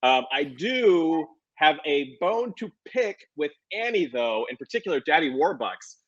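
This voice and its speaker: A man's voice: fairly high pitch, big pitch swings, measured pace. An American man co-hosting a casual chat show, speaking in a wry, joking way. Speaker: co-host. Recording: slightly muffled lo-fi audio.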